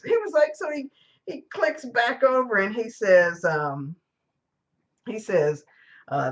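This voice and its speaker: A woman's voice: mid-range voice, sing-song, a little slow. Woman preaching casual-style, rambles, lots of um and you know, just talking to the folks. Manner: rambling, chatty storytelling with many fillers and restarts. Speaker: church speaker. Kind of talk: conversational sermon. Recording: live stream from a church.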